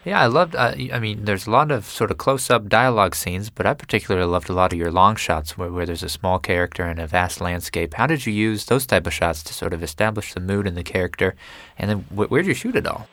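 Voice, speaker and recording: A man's voice: sits low, fast, fairly bright tone, dry recording, studio quality. A man interviewing a film director, asking eager, complimentary questions.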